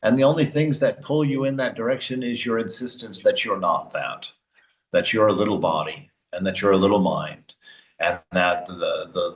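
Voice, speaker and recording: A man teaching spiritual commentary, exhorting his listeners forcefully and laughing between points. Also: low voice. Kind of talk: spoken religious commentary. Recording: roomy echo.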